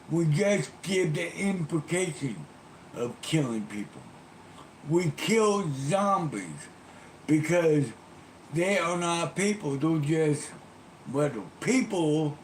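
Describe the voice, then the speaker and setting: A man's voice: mid-range voice, fairly quick, few pauses, echoey room, a little hiss or hum, voice pushed up, lightly acted. A man voicing a furious middle-aged man who curses and rants at a little girl. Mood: outraged ranting. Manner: shouting, cursing, ranting.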